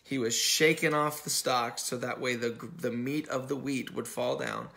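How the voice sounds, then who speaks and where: A man's voice: medium pitch, fairly even intonation, moderate pace, vocal fry, pushed and bright. A male pastor preaching a sermon in a conversational style, with restarts and self-corrections, acting out the dialogue from the story.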